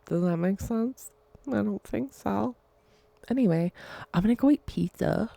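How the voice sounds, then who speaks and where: A woman's voice: mid-range voice, unhurried, vocal fry, dark tone, no echo. A young adult woman hosting her own podcast, talking alone in a rambling, chatty way and often laughing. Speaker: podcast host. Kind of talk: casual solo podcast chat.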